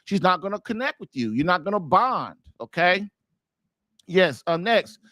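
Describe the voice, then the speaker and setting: High-pitched guy giving blunt marriage-coach advice, casual and pushy, lots of "you know why?", dry close sound. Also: very animated, normal speed, sharp tone, no room sound. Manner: emphatic, informal, repeats points with rhetorical questions. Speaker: marriage coach and podcast host.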